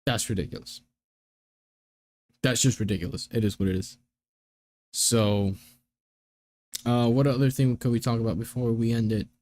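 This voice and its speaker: A man's voice: medium pitch, steady tone, moderate pace, long pauses, darkish tone, dry recording. Young guy streaming games, rambly and fed up, lots of ums. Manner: rambling, exasperated rants with filler words. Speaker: gaming streamer. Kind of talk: casual chat.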